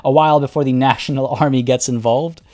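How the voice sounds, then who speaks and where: Mellow-voiced male game streamer. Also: medium pitch, fast. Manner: relaxed, chatty, talks to units. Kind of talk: casual gameplay commentary.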